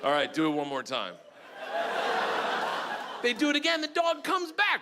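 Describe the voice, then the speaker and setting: A male stand-up comedian performs a set on a comedy club stage, his high voice loud and animated as he tells stories and shouts punchlines. He talks a little fast and pauses often, and the noisy live club recording carries crowd noise and audience laughter.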